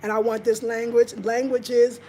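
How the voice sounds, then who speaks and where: A woman's voice: a little high, little pitch movement, normal speed, warm tone. Woman, live-stream vlogger, casual and chatty, answering viewer comments, slight background hiss. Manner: chatty, talks straight to viewers. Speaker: vlogger reading live chat.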